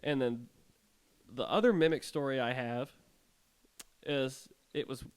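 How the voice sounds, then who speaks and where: A man's voice: mid-range voice, a little slow, clear, resonant tone. Joking young man telling spooky stories. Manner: animated storyteller with sarcastic jokes. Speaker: podcast co-host. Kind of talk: casual chat, telling ghost stories.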